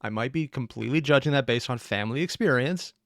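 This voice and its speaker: A man's voice: medium pitch, fast, no room sound, clean studio sound. A man in his thirties hosting a reaction video, chatting casually with self-mocking asides. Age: 30s. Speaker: reaction channel host.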